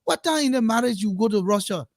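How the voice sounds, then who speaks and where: A man's voice: high-pitched, lively intonation, fast, dry recording, clean studio sound. A man playing a teasing politician on a call, then a scolding friend, in a comedy skit. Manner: teasing, mocking repetition.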